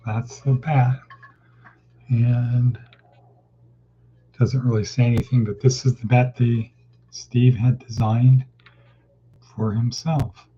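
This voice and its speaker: A man's voice: medium pitch, level tone, takes it slowly, long pauses, warm tone, a little hiss or hum. A man from California hosting a casual morning motivational talk, rambling and folksy as he jumps from topic to topic. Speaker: host of a daily motivational session. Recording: dull lo-fi sound.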